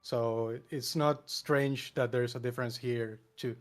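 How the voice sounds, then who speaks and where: A man's voice: mid-range voice, fairly even intonation, measured pace. A man in a casual group discussion, explaining his view carefully with frequent restarts. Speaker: podcast guest.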